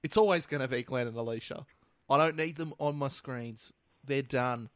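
A man's voice: medium pitch, moderate pace, a bit bright, no room sound, clean studio sound. An Australian man co-hosting a podcast, chatting casually in a blunt, joking way and swearing freely. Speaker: podcast co-host. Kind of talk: casual chat.

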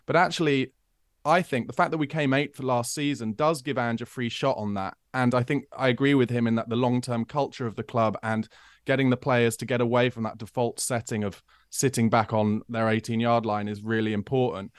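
A man's voice: mid-range voice, steady tone, a little fast, clear, resonant tone, no echo, studio quality. A man hosting a podcast, asking questions and agreeing thoughtfully. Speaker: podcast host. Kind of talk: casual interview chat.

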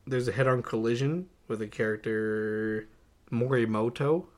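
A young man co-hosts a laid-back movie podcast. He reads through his notes with plenty of "uh"s and laughs often. He turns lively and excited when something strikes him. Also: medium pitch, measured pace. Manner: animated, laughs often, lists notes with many "uh"s. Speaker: podcast co-host. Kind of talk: casual movie-review chat.

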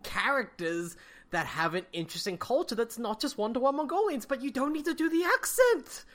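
A teacher co-hosting a podcast, chatting casually about audiobooks with emphatic, drawn-out pleas. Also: medium pitch, very animated, fairly bright tone. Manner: emphatic, drawn-out pleading asides. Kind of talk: casual book-club chat.

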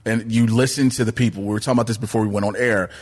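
A man on a movie news panel giving emphatic, animated opinions. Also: lowish voice, very fast. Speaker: co-host panelist. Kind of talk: casual movie news chat.

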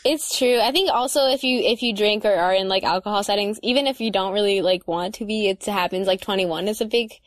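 A young woman of about twenty, co-hosting a podcast in relaxed, thoughtful casual chat full of "like" fillers. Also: medium pitch, a little fast, few pauses, no room sound, clean studio sound. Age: young adult, about twenty. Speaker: podcast co-host.

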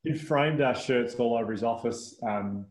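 Slight background noise sits behind a mid-range male voice moving at an ordinary pace. He's in his thirties, a podcast guest relating anecdotes in easygoing chat; he's a lively storyteller who laughs a lot, keeps restarting sentences and says "like" constantly.

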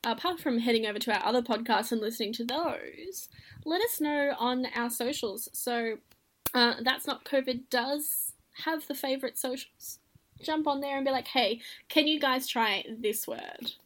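A woman's voice: high-pitched, moderate pace, fairly bright tone. A woman with an Australian accent, co-hosting a podcast in casual chat, with dry, teasing humor. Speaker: podcast co-host.

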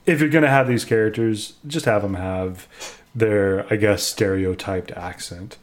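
Man, casual podcast co-host, rambling, exasperated, conversational. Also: fairly low pitch. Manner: exasperated, rambling, quick laughs. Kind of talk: casual chat reviewing a video game.

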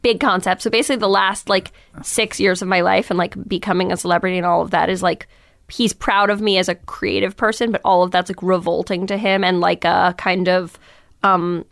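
A young woman chatting as a podcast guest, telling animated stories and acting out quotes, with lots of "like". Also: fairly low pitch, a little fast, creaky, no room sound, studio quality. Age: young adult. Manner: chatty, heavy use of "like"; animated, quotes others in changed voices. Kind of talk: casual chat.

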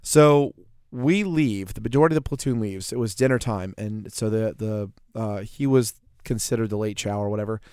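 A man's voice: lowish voice, normal speed, few pauses, darkish tone, smooth, dry recording, studio quality. A man co-hosting a podcast, telling boot camp stories in a crude, joking way. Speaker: podcast co-host and former Marine. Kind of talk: casual storytelling chat.

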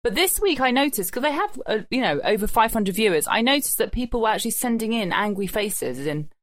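Woman co-host, thirties, rapid dry delivery, close dry sound. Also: a little high, sing-song, no room sound. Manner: brisk, dry storyteller who swears for comic effect. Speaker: podcast co-host. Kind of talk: casual chat.

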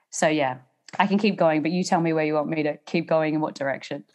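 Australian woman, slightly low voice, animated storytelling, podcast guest. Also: fast. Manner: animated, acts out quotes in raised voice. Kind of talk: candid storytelling.

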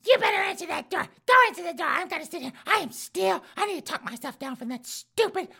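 Man putting on a shrill ranting old woman. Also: animated, quick pace, creaky, sharp tone, full character voice. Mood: huffy. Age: 70s. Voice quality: screechy, ranting. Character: shrill, indignant old woman, seventies, bossy.

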